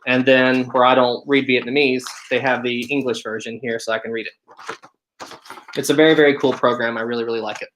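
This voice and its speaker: West Virginian man, 20s, live-stream host, bright tone, friendly and repetitive. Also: medium pitch, level tone, brisk, slight background noise. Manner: friendly, repeats "really, really". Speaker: channel host.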